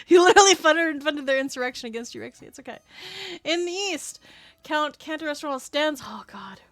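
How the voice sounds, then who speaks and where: A woman's voice: high voice, moderate pace, pauses often, dry recording, faint music behind. A woman streamer reading game text aloud and reacting in chatty, giggly bursts.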